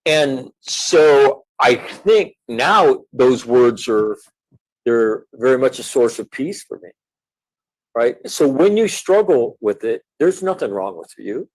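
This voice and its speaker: A middle-aged man, a former Marine, talking in an earnest, measured way with frequent fillers as an interview guest. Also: medium pitch, big pitch swings, low-quality recording. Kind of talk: reflective interview talk.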